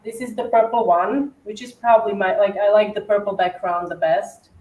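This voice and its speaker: A woman's voice: mid-range voice, steady tone, moderate pace, narrow, tinny audio. A woman chatting casually on a livestream as a cookie decorating co-host, talking through her work with fillers and small laughs. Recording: echoey room, distant from the mic, faint noise.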